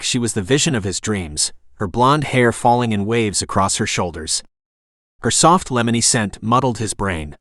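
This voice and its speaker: A man narrating an audiobook with steady, even storytelling. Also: mid-range voice, no echo, studio quality. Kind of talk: scripted narration.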